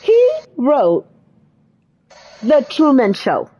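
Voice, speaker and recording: A woman's voice: high-pitched, huge pitch swings, very slow, mellow, breathy edge, poor audio. A woman co-hosting a podcast, chatting casually and retelling movie scenes with exclamations and fillers. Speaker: podcast co-host. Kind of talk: casual chat.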